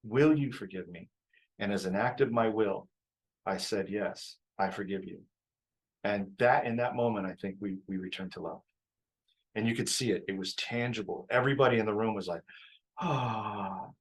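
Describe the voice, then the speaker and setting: A man with a fairly low voice gives a relaxed live-stream talk on relationships. He is reflective, often repeats his phrases, and laughs easily as he explains things. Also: brisk, poor audio. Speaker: relationship coach.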